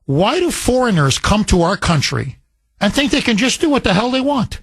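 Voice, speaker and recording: A man's voice: high-pitched, big pitch swings, normal speed, a bit bright, husky, no room sound. A man hosting a talk radio show, speaking emphatically and building heat as he argues.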